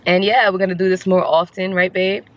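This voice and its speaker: A woman vlogging her family outing in a chatty, blunt, casual way, a little hoarse from screaming. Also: on the low side, brisk, muffled recording. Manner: chatty, blunt, excitable coaching. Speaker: vlogger, mother. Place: outdoor skating rink, then car. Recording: music playing behind. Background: loud music.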